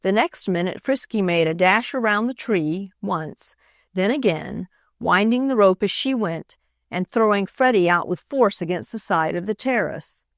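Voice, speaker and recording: A woman narrates a classic children's book in a steady, clear manner. Her pitch sits in a middle register. The sound is dry and close, with no room around it. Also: moderate pace, dry recording. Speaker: audiobook narrator. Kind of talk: storybook narration.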